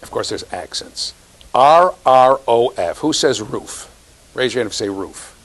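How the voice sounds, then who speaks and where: A man's voice: mid-range voice, animated, measured pace, poor audio. A man giving a university classroom lecture, teasing students and checking in with "right?".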